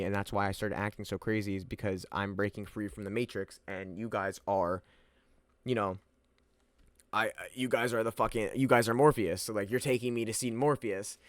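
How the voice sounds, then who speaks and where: A man's voice: mid-range voice, moderate pace, no echo. A young man casually retelling a wild personal story, rambling and swearing as he goes. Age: young adult. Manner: profane, rambling, animated retelling.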